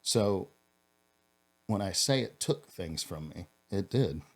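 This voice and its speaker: A man with a very low, deep voice, a former police officer who is a guest on a podcast. He tells a personal story earnestly, stumbling and restarting his phrases. In the heavy moments his voice sinks lower and softer. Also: expressive. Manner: earnest, halting, with frequent restarts.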